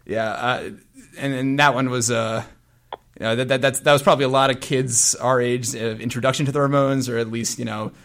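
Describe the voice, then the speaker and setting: A man hosts a relaxed music podcast, his voice gravelly and full of vocal fry. He talks at an ordinary pitch. His thoughts run on in long, rambling sentences. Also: a little fast. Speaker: podcast host. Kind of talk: casual music chat.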